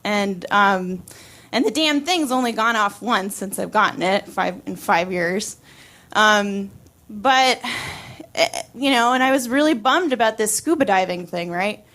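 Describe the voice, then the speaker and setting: A woman's voice: mid-range voice, expressive, a little slow, a bit bright. A woman in her twenties telling a personal story on stage, chatty and wry, laughing often and using many fillers. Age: 20s.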